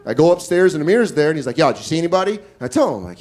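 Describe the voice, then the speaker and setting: A man's voice: fairly high pitch, animated, very fast, hardly any pauses. A man in his forties telling a profane, self-deprecating story on a comedy club stage, acting out the voices of others. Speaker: stand-up comedian. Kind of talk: stand-up storytelling. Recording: loud crowd laughter and noise.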